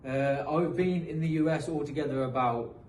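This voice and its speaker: A man's voice: a little high, normal speed, a little mellow, distant mic. A man in his thirties with a British accent that carries some American sounds. He tells his story in loose, rambling runs, restarting and repeating words. The room is echoey, he sits back from the mic, and there is faint noise behind him. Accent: British English, mixed with some American. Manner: rambling, repeats himself, frequent um and uh. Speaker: guest, professional footballer. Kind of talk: casual podcast storytelling.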